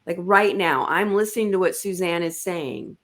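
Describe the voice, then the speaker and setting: A woman talking about leadership in a conversational interview, emphatic and coaching, with animated asides. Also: lowish voice, moderate pace.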